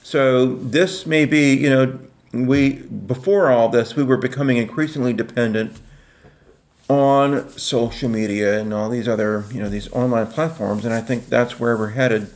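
An older man in his sixties co-hosting a casual podcast. His pitch sits in the middle of the range, and he leans hard on key words, slowing down to drive each point home. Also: steady tone. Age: 60s. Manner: measured, drawn-out emphasis on key words. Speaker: podcast co-host. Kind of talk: casual political chat.

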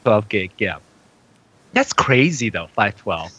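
A man's voice: fairly low pitch, sing-song, takes it slowly, bright, forceful tone, slightly rough, rough recording. A man co-hosting a casual tech chat, laughing often and restarting his sentences. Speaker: podcast co-host.

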